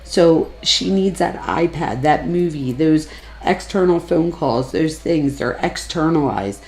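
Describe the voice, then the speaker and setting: A woman's voice: deep voice, animated, takes it slowly, darkish tone, slight background noise. A woman giving casual, analytical true crime commentary, chatting freely and lifting her voice when she quotes people.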